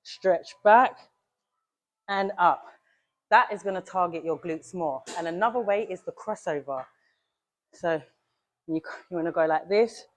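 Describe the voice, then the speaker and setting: A lowish-voiced young woman at a moderate pace coaches viewers through a gym workout. Casual and direct, the fitness coach addresses them as "you lot" and is a bit breathless as she demonstrates.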